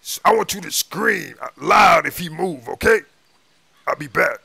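A man's voice: a little high, animated, a little slow, creaky, bright, forceful tone, slightly rough, no echo. A man doing casual game role-play, talking in a slangy, menacing, taunting way.

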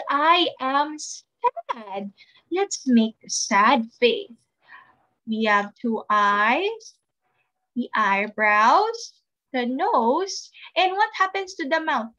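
A woman teaching a recorded preschool class, speaking slowly and clearly and spelling out letters for young children. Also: high-pitched, a bit bright, low-quality recording. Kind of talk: recorded online class instruction.

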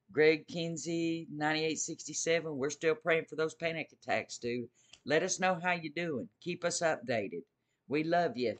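A man's voice: mid-range voice, a bit bright. A man preaching informally to his viewers, earnest and eager, often repeating his phrases. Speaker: Christian video host.

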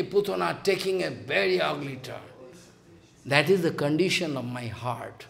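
A man's voice: a little high, lively intonation, normal speed, vocal fry, a bit bright. A man with a Bengali accent giving a devotional sermon as a spiritual teacher, emphatic and scolding, repeating phrases and acting out quotes.

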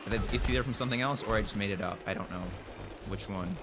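A young man with a lowish, fairly bright voice talks fast as a gaming channel host. He rambles casually through let's play commentary, goofing around and talking back to the game while game music plays.

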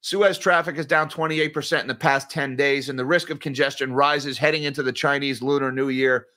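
A man's voice: mid-range voice, steady tone, fairly quick, bright, forceful tone. Sarcastic man reading market news. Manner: sarcastic, informal, addresses viewers as guys. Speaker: finance news commentator.

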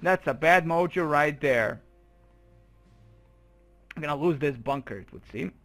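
Swearing, fairly high-voiced young man. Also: animated, unhurried, fairly bright tone, soft background music. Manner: profane, exasperated running commentary with outbursts. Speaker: game commentator. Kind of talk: let's play commentary.

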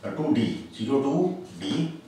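Slow, deliberate male lecturer in an echoey room. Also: medium pitch, sing-song, warm tone. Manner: slow, deliberate explaining with frequent pauses and uh fillers. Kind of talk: recorded classroom lecture. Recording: very echoey room, voice from a distance, faint background noise.

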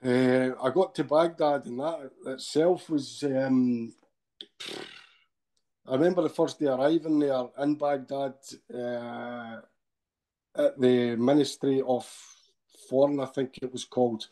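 A man's voice: mid-range voice, steady tone, slow pace, dark tone. A middle-aged Scottish man with a Scottish accent, a podcast guest telling a long story in a rambling way, dropping "eh?" at the end of his sentences. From Scotland. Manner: rambling retelling with frequent tag questions.

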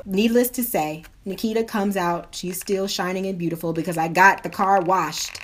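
A woman's voice: fairly low pitch, normal speed, few pauses. A young woman in her twenties, a beauty vlogger chatting casually through a storytime while doing her makeup, acting out the voices of the people she quotes. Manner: animated, acts out quoted voices.

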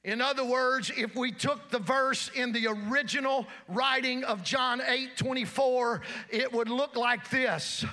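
A male pastor preaching a church sermon, emphatic and rising to shouts. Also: very high-pitched, steady tone, measured pace, few pauses. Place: church service.

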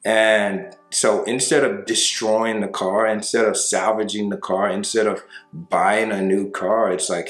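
A man with a fairly low voice coaches viewers through breakups in a relaxed, conversational monologue. He keeps checking in with "right?" and "you know" and acts out short exchanges. The room sounds echoey and there is faint music underneath. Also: measured pace.

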